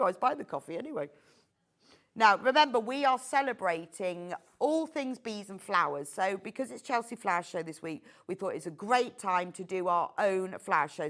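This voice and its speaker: A woman's voice: mid-range voice, expressive, moderate pace, a bit bright. A middle-aged woman presenting a live home-shopping show, chatty and gushing with enthusiasm.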